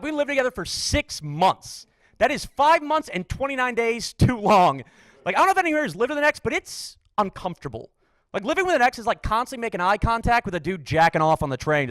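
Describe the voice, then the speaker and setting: Young man, stand-up comedian, high lively voice, dry close sound. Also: no room sound. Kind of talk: stand-up set. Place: comedy stage.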